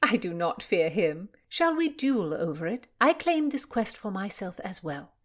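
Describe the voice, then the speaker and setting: A woman's voice: mid-range voice, sing-song, unhurried, fairly bright tone. A saucy young merchant's daughter from a historical storybook, voiced by a woman reading aloud. She speaks boldly and teasingly, full of playful daring.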